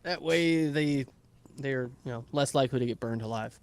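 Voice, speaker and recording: A podcast host casually recaps an anime episode, swearing freely and acting out characters' lines in playful asides during his animated retelling. His medium-pitched voice is smooth with some vocal fry, at a normal speed with no room sound.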